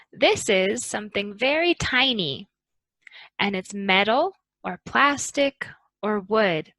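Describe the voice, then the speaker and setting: A woman teaching an English pronunciation lesson, speaking slowly and carefully to model intonation. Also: medium pitch, bright, forceful tone, no echo, poor audio.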